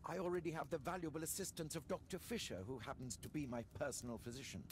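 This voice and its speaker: A man's voice: a little high, fast, a little hiss or hum, close to an everyday voice. A man voicing a genteel ailing lord. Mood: defensive. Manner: genteel, defensive. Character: ailing wealthy lord, charitable, evasive. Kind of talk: video game voice acting.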